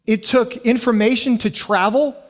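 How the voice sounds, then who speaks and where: A man's voice: extremely high pitch, fairly even intonation, moderate pace. A middle-aged male pastor from the United States preaching a sermon, telling family stories and acting out the voices in them. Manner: storytelling, acting out family scenes. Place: church hall. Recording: long hall reverb.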